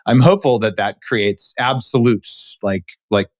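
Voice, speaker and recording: A man hosts a podcast in a lively, opinionated way, throwing in quick asides. His voice sits at a middle pitch. The sound is dry and close. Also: no room sound. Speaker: podcast host. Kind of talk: casual interview chat.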